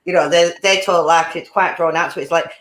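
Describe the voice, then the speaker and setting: A woman's voice: on the low side, fairly even intonation, fairly quick, fairly bright tone. Chatty Irish woman in a roomy echo. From Ireland. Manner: chatty, swears freely, laughs often. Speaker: podcast host. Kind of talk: casual chat.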